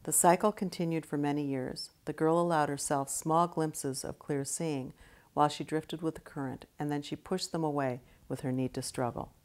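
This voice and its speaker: A middle-aged woman, an art therapist, narrating in a soft-spoken, earnest, measured way. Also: low voice, steady tone. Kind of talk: reflective spoken-word narration.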